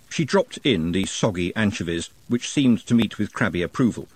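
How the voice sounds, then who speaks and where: A man narrating an audiobook in an expressive, wry manner, recorded close to the mic. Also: fairly low pitch, normal speed, breathy edge. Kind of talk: scripted narration.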